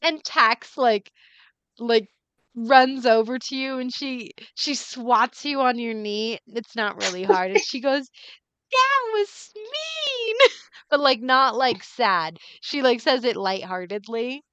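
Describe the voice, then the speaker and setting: A woman runs a tabletop game, narrating slowly in a relaxed, giggly way. Her voice is fairly high, smooth and clear. The sound is dry and a little muffled, like a stream recording. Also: no echo. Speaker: dungeon master. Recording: dull, muffled stream audio.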